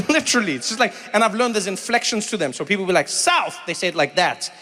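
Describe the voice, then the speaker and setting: A man's voice: high voice, fast. A man from South Africa doing stand-up, telling a story and chatting with the crowd, acting out other people's voices. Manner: animated, acts out voices of others. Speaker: comedian and host. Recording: live venue with long reverb and faint noise.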